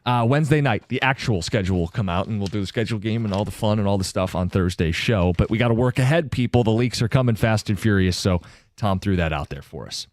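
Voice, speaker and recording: Radio sports host dude, brisk, reading texts and quotes, dead dry studio sound. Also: male voice, fairly low pitch, dry recording. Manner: brisk, reads listener texts and statements aloud.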